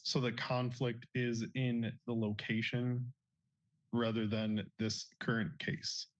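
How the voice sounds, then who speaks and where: Male defendant, flat and slow, hesitant, dry muffled court audio. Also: medium pitch, no room sound. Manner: hesitant, halting, many fillers. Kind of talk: courtroom hearing.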